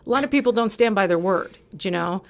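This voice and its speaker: Gravelly woman telling a story animatedly. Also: medium pitch, quick pace. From California. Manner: animated storytelling, acting out quoted exchanges. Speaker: podcast guest. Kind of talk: casual chat.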